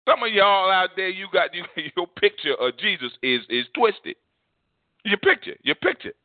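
A man's voice: high voice, moderate pace, dry recording. Fervent male preacher on a tinny line. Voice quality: fervent, repeats phrases, animated. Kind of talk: sermon. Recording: tinny phone-like dry sound.

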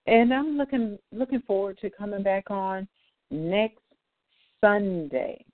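Slow rambling spiritual talk, lots of ums and restarts, thin phone-line sound. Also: mid-range voice, animated, dry recording. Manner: halting, many fillers and restarts. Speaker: host of an online spiritual community call. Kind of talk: informal spiritual talk on scripture.

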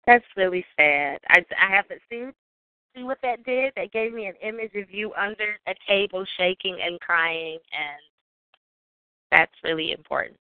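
An interviewer at a middle pitch asks questions and urges the guest on. The line sounds dry and thin, like a phone call. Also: moderate pace, clear, resonant tone, no room sound. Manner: encouraging, prompts for more stories.

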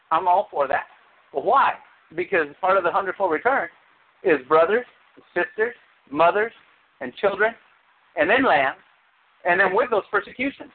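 A man preaching a sermon as pastor, animated, with sudden high exclamations. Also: breathy edge. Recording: tinny phone-like sound.

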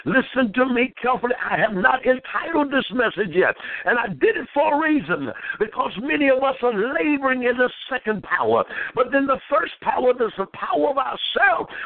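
Male preacher, fervent sermon delivery, lively rising and falling voice, dry close sound. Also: very high-pitched, no room sound. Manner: fervent preaching with frequent "uh" fillers; addresses listeners as "beloved". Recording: tinny phone-line sound.

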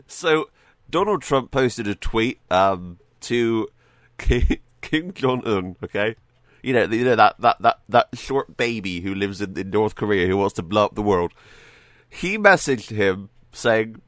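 A man hosts his own podcast, giving casual solo commentary full of jokes, frequent laughter, and stumbles over repeated words. His voice is lowish and a bit bright, with lively intonation, a measured pace, and no room sound.

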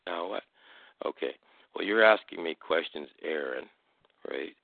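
A man with a very deep, gravelly voice speaks in a deliberate, unhurried way, turning pointed and combative when challenged. His voice comes through a thin, tinny phone-like line with a dry, close sound. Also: lively intonation, no echo. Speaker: guest speaker. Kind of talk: casual storytelling and argument.

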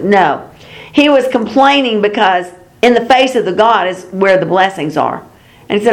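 A woman with a medium-pitched, expressive voice speaks at a moderate pace while teaching a Bible study class. She is chatty and explanatory, chuckling now and then and using rhetorical asides.

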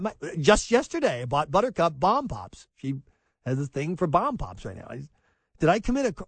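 A male talk radio host with a high, lively voice that swoops up and down. He is sarcastic and mocking, and breaks into shrill, scolding put-on voices. The studio sound is dry and close. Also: fairly quick, husky, no room sound.

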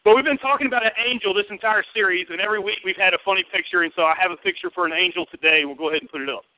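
Fast-talking Southern pastor on a tinny line. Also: male voice, sits high. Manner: lively, joking and conversational. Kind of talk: sermon. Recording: tinny, phone-like and dry.

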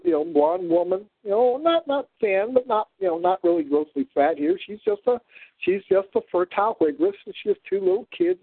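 A man with a fairly high voice, rambling through a long story and restarting often. The sound is dry and narrow, as if heard over a phone line. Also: no room sound. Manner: rambling, with many fillers and restarts. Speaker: show host. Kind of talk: rambling monologue.

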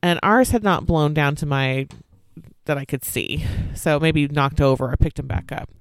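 Woman, 30s, podcast co-host; animated storyteller who acts out quotes; smooth, dry sound. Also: low-pitched, normal speed, no echo. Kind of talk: casual chat, storytelling.

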